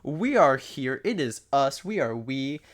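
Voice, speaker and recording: A man's voice: mid-range voice, sing-song, a little slow. A man hosting a tabletop game stream as game master, teasing and playful.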